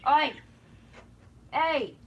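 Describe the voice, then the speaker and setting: A woman's voice: high-pitched, extremely slow, highs cut off. A woman streaming casually, swearing and stammering as she chases loose crickets into a cage. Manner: frustrated, swearing, stammering restarts. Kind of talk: casual live stream talk.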